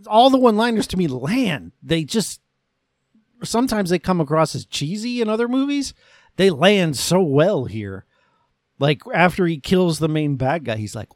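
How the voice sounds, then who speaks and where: A man's voice: fairly high pitch, darkish tone, dry recording, clean studio sound. A man hosting a podcast, casually and enthusiastically reviewing an action movie, rambling with fillers. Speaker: podcast host.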